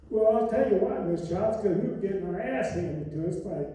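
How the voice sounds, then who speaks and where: A man's voice: high-pitched, expressive, fairly quick, hardly any pauses, mellow. An older man giving a live masterclass talk on restaurants, blunt and folksy, telling stories with salty asides. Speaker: restaurant expert speaker. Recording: echoey hall, speaker far from mic.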